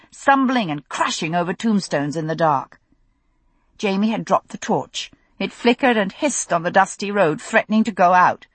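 A woman narrating a novel in the first person, with expressive, dramatic storytelling. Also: mid-range voice, breathy edge, no room sound. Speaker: audiobook narrator.

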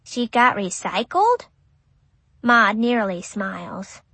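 Woman doing a slow, earnest little boy. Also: a little high, sing-song, gravelly, fairly bright tone, dry recording, heavily acted. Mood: wondering. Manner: childlike, literal and wondering. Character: curious five-year-old boy, earnest and innocent. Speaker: child narrator. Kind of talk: audiobook narration.

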